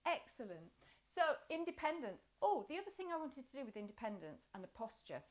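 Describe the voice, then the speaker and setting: A woman guiding a children's yoga and movement class, encouraging and playful as she talks the class through each pose. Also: medium pitch. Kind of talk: guided class instruction.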